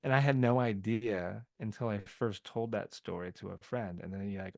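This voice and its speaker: Man, low voice, fry, dry close sound, rambling podcast guest, from the South. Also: moderate pace, a little mellow, dry recording. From American South. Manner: rambling storyteller, heavy on filler words. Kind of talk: casual podcast conversation.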